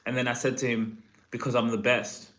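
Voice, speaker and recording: A man spins a casual anecdote about a business pitch with easy confidence. His voice sits in an ordinary middle register and keeps an unhurried, conversational flow. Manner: relaxed, confident, loose anecdotal delivery. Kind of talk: casual storytelling.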